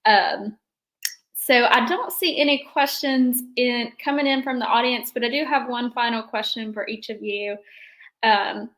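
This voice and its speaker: A woman's voice: on the high side, measured pace, a bit bright, low-quality recording. A woman hosting and moderating a roundtable discussion over a video call, upbeat and chatty, with fillers. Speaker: host.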